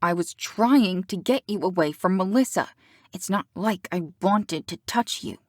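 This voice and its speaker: A woman reading an audiobook, voicing a sharp, protective teenage girl who snaps at a boy she cannot stand. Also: mid-range voice, normal speed, no room sound, clean studio sound, close to an everyday voice. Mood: irritated. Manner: snappish, through gritted teeth.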